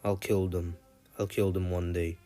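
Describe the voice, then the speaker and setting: Despairing young ninja guy, bitter, repeats himself, low voice, read by a man, soft music behind. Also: little pitch movement, normal speed, natural voice.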